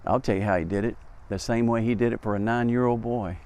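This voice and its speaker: A middle-aged male pastor from Arkansas preaching a devotional sermon outdoors, telling the story earnestly and dropping to soft, intense tones for emphasis. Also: on the low side, steady tone, fast talker. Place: outdoors by a busy road.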